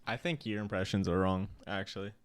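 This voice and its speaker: A man's voice: sits low, brisk, clean tone. A young man co-hosts a casual podcast. He trades teasing, defensive banter with his friends. He speaks in a plain, easygoing way. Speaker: podcast host. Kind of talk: casual chat.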